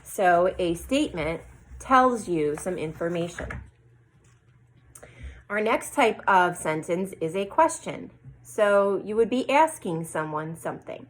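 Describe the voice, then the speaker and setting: A woman teaching a first grade class, reading example sentences slowly and clearly. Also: on the low side, animated, slight background noise, low-quality recording. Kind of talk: teaching a lesson to young children.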